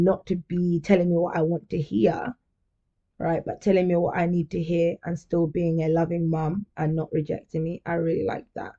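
A woman's voice: on the low side, vocal fry, dark tone, highs cut off. A young woman hosting a podcast, talking candidly and chattily in a casual monologue, often laughing. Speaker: podcast host.

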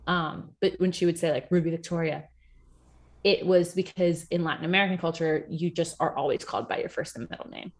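A woman's voice: fairly low pitch, a little fast. A woman co-hosting a podcast in casual chat, swearing freely, laughing often and acting out the voices of people she quotes. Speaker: podcast co-host.

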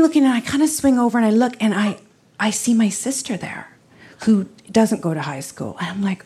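A woman's voice: mid-range voice, moderate pace. A woman telling a personal story at a live storytelling night, acting out what people said and laughing often. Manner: animated, acts out quotes, laughs often.

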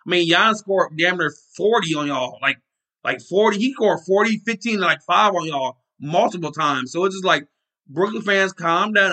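Bright-voiced rambling sports podcast man. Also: on the high side. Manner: rambling, loose and conversational, searching aloud for names. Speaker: podcast host. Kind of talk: casual sports talk monologue.

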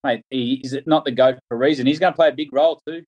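A man's voice: mid-range voice, fairly even intonation, fast, a little mellow, poor audio. A man with an Australian accent, a former cricketer, telling anecdotes in a casual podcast chat. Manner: anecdotal storyteller.

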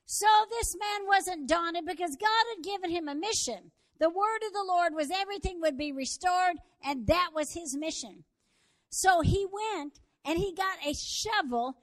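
A woman preaching a sermon, telling a story and building to fervent shouts. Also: very high voice.

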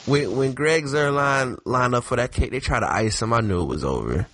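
A man co-hosting a casual sports chat, animated and excitable, his voice climbing high when worked up. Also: normal speed. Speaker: podcast co-host.

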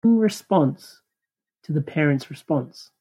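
A podcast host in a casual conversation, telling stories in an animated way with playful sound effects. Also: mid-range voice, unhurried, breathy edge, soft background music. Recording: dull lo-fi recording.

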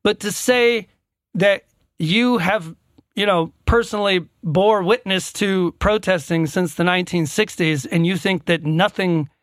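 A man's voice: sits high, measured pace, a bit bright, no room sound. A man co-hosting a podcast in casual chat, blunt and opinionated, swearing as he argues. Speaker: podcast co-host.

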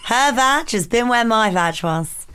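A high-pitched woman co-hosting a podcast, her voice leaping up and down as she jokes and swears. She laughs easily and hams it up. Some noise hums behind her. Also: expressive, measured pace. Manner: bubbly, laughs a lot, swears freely, mock accents. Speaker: podcast co-host. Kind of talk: casual chat.

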